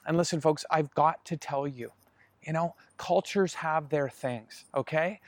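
A man's voice: fairly high pitch, measured pace, dry recording, natural voice. A man playing an earnest male disciple, speaking straight to the audience in a chatty first-person monologue. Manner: conversational, earnest, addresses listeners directly.

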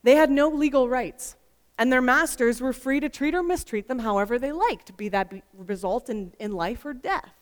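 A woman giving an expressive, emphatic Bible teaching full of rhetorical questions. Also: high voice. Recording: long reverb.

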